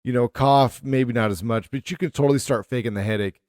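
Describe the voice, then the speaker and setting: This middle-aged co-host talks a little fast at medium pitch, his animated, filler-heavy stories meandering through relaxed podcast chat. The recording is dry and studio quality.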